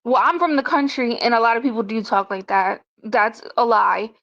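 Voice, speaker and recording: Gravelly-voiced woman ranting. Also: fairly high pitch, moderate pace, a bit bright. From South Carolina, US. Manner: opinionated, ranting. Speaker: commentary vlogger. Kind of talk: casual commentary. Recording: dull lo-fi recording.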